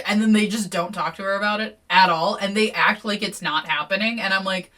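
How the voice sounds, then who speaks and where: Chatty podcast co-host, woman, bright sharp voice, slightly off-mic. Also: medium pitch, a little fast, hardly any pauses, far from the mic. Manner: animated, swears freely, acts out quotes. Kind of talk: casual book-club chat and reading aloud.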